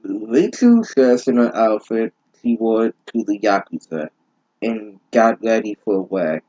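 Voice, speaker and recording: Slow, weary deadpan man reading. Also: lowish voice, no echo, dull audio. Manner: weary, deadpan, mocking asides. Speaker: host reading a fanfic aloud. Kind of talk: sarcastic dramatic reading.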